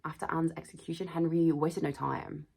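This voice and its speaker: Husky low-voiced woman gossiping. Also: level tone, normal speed, a little mellow. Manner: chatty, slangy, dramatic asides. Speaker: history video host. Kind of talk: gossipy casual storytelling.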